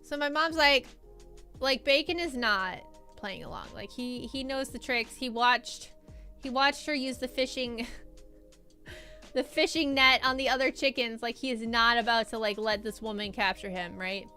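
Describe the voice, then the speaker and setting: Bright chatty woman streamer. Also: fairly high pitch, a little slow, faint music behind. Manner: chatty storytelling, animated, laughs often. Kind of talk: casual chat with live chat.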